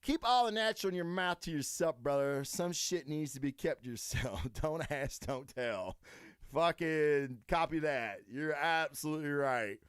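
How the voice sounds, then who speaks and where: A man's voice: on the high side, lively intonation, normal speed, a bit bright, clean tone, no echo, clean studio sound. A man hosting a podcast, talking in a crude, rambling way and swearing constantly. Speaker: podcast host. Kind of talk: profane casual monologue.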